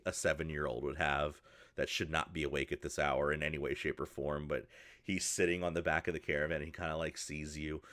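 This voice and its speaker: A man's voice: extremely low pitch, pushed and bright, no room sound, studio quality. A man narrating as game master in a tabletop role-playing game, rambling descriptions full of fillers. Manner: rambling, many fillers and restarts.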